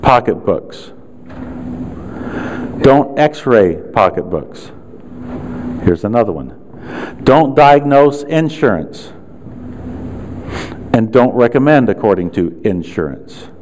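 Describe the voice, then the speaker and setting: A man's voice: medium pitch, very animated, takes it slowly, pauses often, a little mellow, slight background noise. A man speaking to a room of chiropractors at a seminar, firing rhetorical questions and sarcastic asides.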